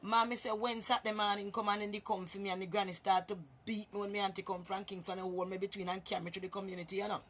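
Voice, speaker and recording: A woman's voice: medium pitch, little pitch movement, very fast, few pauses, fairly bright tone. A woman with a Jamaican accent telling a story casually to her viewers, chatty and often calling listeners "boy" or "master".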